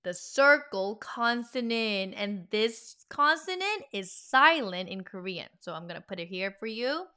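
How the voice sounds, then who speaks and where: A woman teaching an online language lesson in an upbeat, animated, teacherly way. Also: medium pitch, a little slow, hardly any pauses, smooth.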